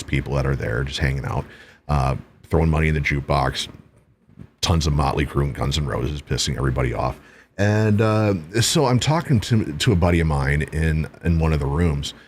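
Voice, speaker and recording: A man with a low, deep voice hosts a talk show and tells an anecdote in loose, swearing, animated chat. Faint background hiss sits under his voice. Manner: profane, animated anecdote-telling. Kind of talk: casual storytelling.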